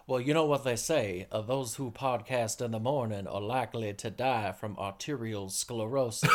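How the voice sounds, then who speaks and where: A young man co-hosting a relaxed podcast in a loose, joking way. He laughs easily and sometimes slips into a playful drawl. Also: mid-range voice, moderate pace, few pauses. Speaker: podcast co-host. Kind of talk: casual podcast chat.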